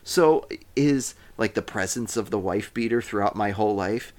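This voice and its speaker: A man's voice: lowish voice, moderate pace, a little mellow. A man in his thirties talking casually on a podcast, musing and hesitant, often trailing off. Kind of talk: casual chat.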